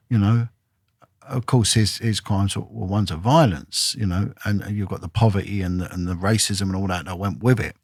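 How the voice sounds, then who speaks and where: Man, low voice, gravelly, dry close sound, blunt and emphatic storytelling. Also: a little fast, darkish tone, dry recording. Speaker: podcast guest, former vice detective. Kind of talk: storytelling in a podcast interview.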